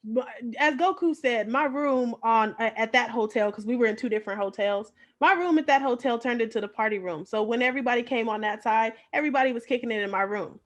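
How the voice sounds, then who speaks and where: A woman's voice: fairly high pitch, fast talker, few pauses. A woman co-hosting a podcast, chatting casually and telling stories animatedly with frequent laughs. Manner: animated storyteller, laughs often. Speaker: podcast co-host. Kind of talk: casual chat.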